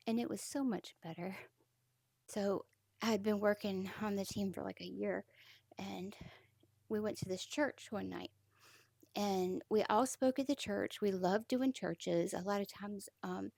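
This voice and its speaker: A woman's voice: medium pitch, darkish tone, no echo. A young woman telling a personal story in a casual, conversational way, full of "like" fillers.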